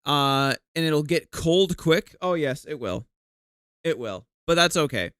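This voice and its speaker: A man's voice: a little high, animated, measured pace, fairly bright tone, smooth, no room sound, clean studio sound. A young man streaming his art live, chatting casually with viewers into a desk microphone, greeting them and cracking self-deprecating jokes.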